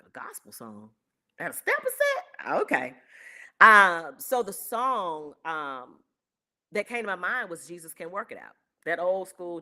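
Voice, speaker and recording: A woman's voice: low voice, sharp tone. A woman hosting her own online show, telling a personal story to her viewers in a candid, emotional way. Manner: candid and emotional, acts out quoted voices.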